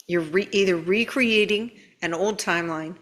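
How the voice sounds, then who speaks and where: A woman hosting a spiritual guidance talk, animated, often checking in with "right?" and acting out her own inner voices. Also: lowish voice, normal speed. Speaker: spiritual channel host.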